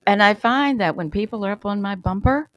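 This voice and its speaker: A woman's voice: medium pitch, a little fast, no room sound, low-quality recording. A woman from the congregation sharing a light, chatty anecdote.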